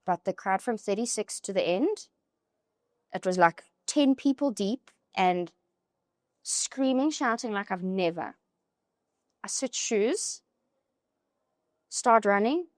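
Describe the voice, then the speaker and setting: Young woman, guest storyteller, lively and chatty, dry close sound. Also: medium pitch, dry recording. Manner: animated, with many "like" fillers. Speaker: podcast guest. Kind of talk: emotional personal storytelling.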